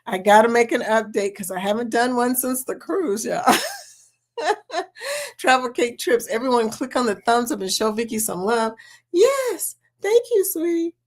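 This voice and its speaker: Chatty woman hosting a live chat. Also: on the high side. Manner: chatty, laughs often, reads comments aloud. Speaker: livestream host.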